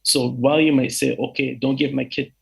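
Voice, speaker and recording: A man with a Barbadian accent, a health official answering a town hall question over a call, earnest and halting with many fillers and restarts. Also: medium pitch, level tone, gravelly, a bit bright, breathy edge. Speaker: chief medical officer. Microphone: video call.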